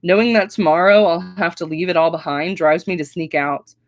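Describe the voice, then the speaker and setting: A woman reading her own novel aloud, telling it in an expressive first-person way. Her voice sits on the low side and sounds dry and close to the mic. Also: brisk, dry recording. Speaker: author reading her book.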